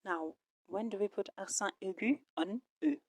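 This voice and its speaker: A woman's voice: mid-range voice, lively intonation, normal speed, a little mellow, dry recording. A woman teaching a French lesson online. She speaks with a French accent and explains each rule step by step, often checking in with "right?".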